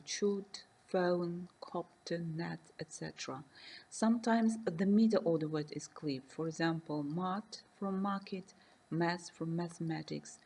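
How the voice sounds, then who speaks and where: Woman lecturer, measured and careful delivery, soft dark tone. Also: on the low side, breathy edge, poor audio. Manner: reads slowly and carefully, defining terms with examples. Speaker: university lecturer. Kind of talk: recorded lecture reading.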